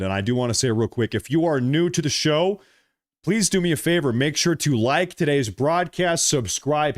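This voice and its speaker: A man's voice: fairly high pitch, no echo, clean studio sound. A man hosting a live political stream, talking casually and repeating himself as he addresses viewers directly. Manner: chatty and repetitive, addressing viewers directly as folks and ladies and gentlemen. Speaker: political livestream host.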